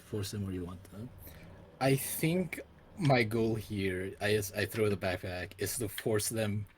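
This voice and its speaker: A man's voice: on the low side, unhurried, a little hiss or hum. A man playing a tabletop game, casual and stammering, often laughing at his own moves. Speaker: player.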